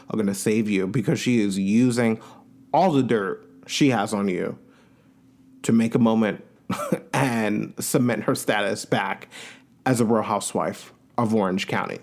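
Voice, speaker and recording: A man hosting a podcast, giving a casual, opinionated recap of a reality show and acting out quotes in changing voices. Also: mid-range voice.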